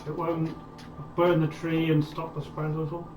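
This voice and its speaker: A man's voice: on the high side, monotone, a little slow. A man playing a tabletop game who chats casually and asks curious questions. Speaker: player. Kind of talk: casual chat. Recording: roomy distant mic with music.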